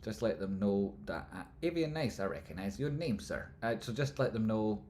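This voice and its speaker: A man hosting a live stream, answering chat questions in rambling talk that trails off into mumbles and jumps to loud jokey bursts. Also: fairly low pitch, expressive, normal speed, slight background noise. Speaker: livestream host answering chat. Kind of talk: casual live chat, stock chart commentary.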